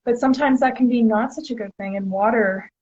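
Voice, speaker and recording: A woman's voice: on the high side, fairly quick, a little mellow, breathy edge, muffled recording. A woman hosting a casual interview chat, talking with eager enthusiasm and lots of filler words. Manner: enthusiastic, chatty, many "like" fillers. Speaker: host.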